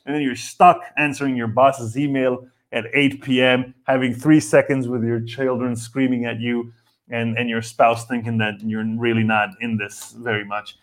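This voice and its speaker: A man's voice: mid-range voice, level tone, normal speed. A man, hosting a podcast and riffing jokily in a casual comic monologue. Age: 40s. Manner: rambling, jokey, acts out mock voices of others. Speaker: podcast host.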